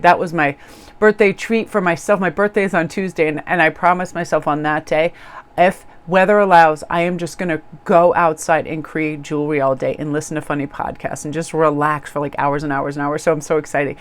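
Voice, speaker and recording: Bubbly woman tarot reader, kinda low voice, chatty and gushy. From Korean heritage, living in New England. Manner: bubbly, gushing, chatty storytelling. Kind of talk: casual chat to viewers.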